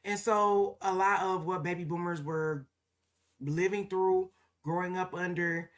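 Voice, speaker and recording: A woman's voice: fairly low pitch, fairly even intonation, unhurried. A woman co-hosting a podcast in casual, emphatic conversation, often punctuating her points with "okay?" and slipping into mocking quoted asides. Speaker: podcast co-host.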